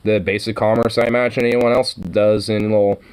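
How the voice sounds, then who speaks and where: A man's voice: fairly low pitch, little pitch movement, brisk, a little mellow, a little hiss or hum, poor audio. A man in a casual, rambling monologue, swearing a lot and full of fillers.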